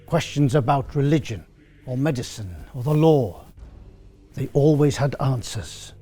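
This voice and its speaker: A man's voice: mid-range voice, lively intonation, measured pace, warm tone, slightly rough. A man playing a proud, hot-headed Celtic farmer in an educational drama, telling his tale earnestly and flaring into indignant bluster. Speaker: actor playing a figure.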